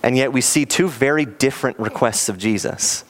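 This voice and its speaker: A man preaching as a pastor in an earnest, animated sermon, often acting out quoted lines. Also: mid-range voice, normal speed.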